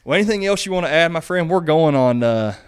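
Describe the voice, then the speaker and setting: A man's voice: a little high, fast, smooth. A man hosting a farm podcast, telling stories in a rambling, casual way with lots of fillers. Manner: rambling storyteller, lots of fillers, animated when excited. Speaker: extension agent podcast host.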